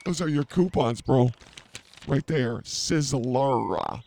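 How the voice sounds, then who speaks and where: Gravelly man teasing outdoors. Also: mid-range voice, animated, slow, a little mellow. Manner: teasing, mock-outraged, rambling. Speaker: podcast host. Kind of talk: improvised comedy banter. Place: outdoors at a zoo.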